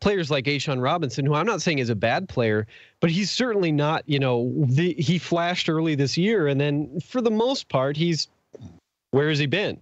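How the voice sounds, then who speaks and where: A man weighs a football team's talent on a podcast, speaking in a measured, searching way. His mic sounds dry and a little dull. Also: on the high side, expressive, dry recording. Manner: measured, thinking aloud. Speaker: podcast co-host. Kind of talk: sports analysis chat.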